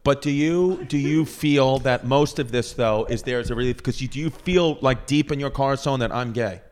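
A young man hosting a podcast in a loose, joking chat. He teases his guest and laughs through his questions, speaking at an ordinary pitch. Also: normal speed, clear, resonant tone. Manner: joking, teasing, laughs often. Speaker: podcast host.

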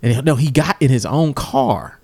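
Animated man telling a wild story. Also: normal speed, breathy edge. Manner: animated, acts out voices in high pitch, swears freely. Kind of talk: casual storytelling.

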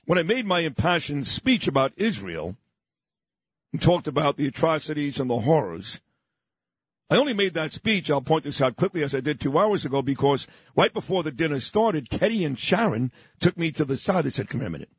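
Older man, husky animated radio host. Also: a little high, moderate pace, no room sound. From New York. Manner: storytelling, emphatic, boastful. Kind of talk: morning radio talk.

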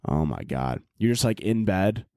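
A man's voice: fairly low pitch, sing-song, normal speed, mellow, no room sound, clean studio sound. A young man hosting a podcast on his own, rambling and joking with a lot of swearing in casual chat. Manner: profane, rambling, jokey. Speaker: podcast host.

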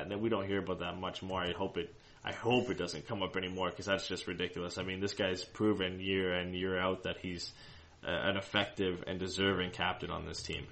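Very low voiced guy cohosting a fan podcast, rambles, lots of restarts and fillers. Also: fairly bright tone, a little hiss or hum. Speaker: co-host of a hockey fan show. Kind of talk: casual podcast chat.

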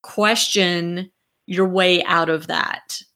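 A woman's voice: lowish voice, steady tone, very slow, bright, forceful tone. A woman talking as a guest on a podcast, reflective and thinking her points through aloud. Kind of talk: podcast conversation.

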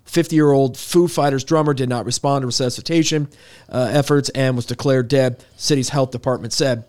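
A man's voice: mid-range voice, steady tone, normal speed, a little mellow. A man hosting a casual chat show, laid-back and easygoing as he reads out rock news. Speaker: host.

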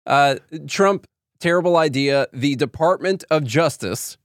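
A man's voice: fairly high pitch, measured pace, no echo, studio quality. A man hosting a podcast, talking in a sarcastic, opinionated and rambling way. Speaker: podcast host. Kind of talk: casual commentary.

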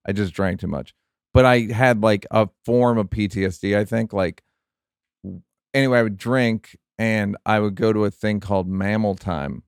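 Low, smooth-voiced wry male host. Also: normal speed, dry recording, clean studio sound. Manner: wry, deadpan quips. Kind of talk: casual interview chat.

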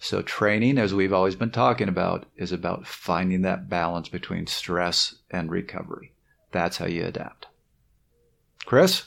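A man co-hosting a podcast, explaining his points in a steady, summarizing way. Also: sits low, moderate pace, gravelly, slight background noise. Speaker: podcast co-host. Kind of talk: casual podcast chat.

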